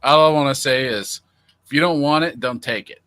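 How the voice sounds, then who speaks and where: A man's voice: medium pitch, fairly quick, a bit bright. A man co-hosting a casual livestream chat, joking and rambling with a slight lisp and many restarts. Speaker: co-host.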